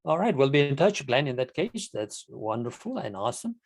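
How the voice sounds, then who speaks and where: A man's voice: mid-range voice, very animated, fairly quick, creaky, dry recording. A man from Kenya hosting an online meeting over a video call, chatty and often repeating words as he thinks. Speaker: meeting host.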